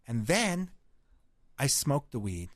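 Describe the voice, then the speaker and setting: A man's voice: medium pitch, big pitch swings, slow, no room sound, clean studio sound. Brash profane Canadian man. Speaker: podcast host. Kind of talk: crude casual banter.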